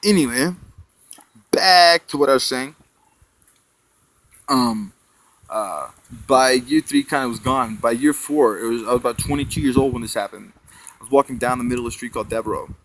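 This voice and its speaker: A man's voice: mid-range voice, moderate pace, pauses often, a bit bright, slight background noise, rough recording. A man telling a long personal story in a meandering monologue, swearing often and leaning on fillers and tag questions. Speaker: storyteller recounting spiritual experiences.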